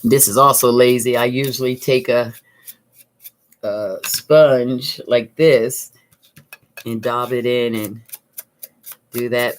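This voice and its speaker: Slow, chatty woman crafting on camera. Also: a bass voice. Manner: chatty, thinks aloud while working; calm, soothing. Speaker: craft vlogger. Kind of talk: casual crafting tutorial.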